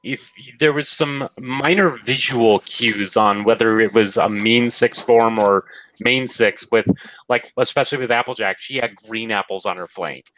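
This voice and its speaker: A man's voice: mid-range voice, moderate pace, a bit bright, a little hiss or hum, poor audio. A man in a casual review discussion, rambling and hesitant. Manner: rambling, hesitant, many restarts.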